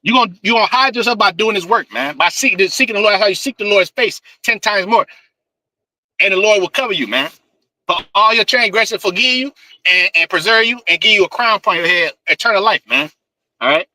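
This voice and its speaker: A man's voice: high-pitched, brisk, bright, forceful tone, no room sound, poor audio. A man preaching scripture in a fiery, profane style, with emphatic repetition and "man" tagged on nearly every line. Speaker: street preacher.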